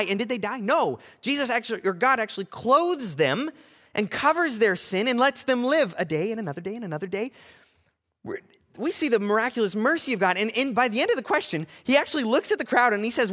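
A male pastor preaching a sermon, animated and full of rhetorical questions. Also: very high voice, fairly quick, in a large hall.

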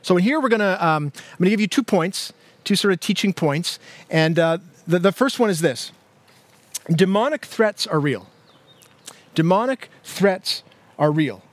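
A man's voice: high voice, animated, normal speed, no echo. A man, a pastor, preaching a sermon in a conversational way, with many fillers and restarts. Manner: conversational, with frequent fillers and repeated words.

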